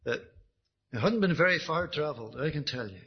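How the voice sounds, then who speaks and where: A man's voice: on the high side, animated, brisk, slightly rough. A man with a Northern Irish accent giving his personal testimony as a sermon, earnest and often restarting his words. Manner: earnest, with frequent restarts and repetitions. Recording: dull lo-fi recording.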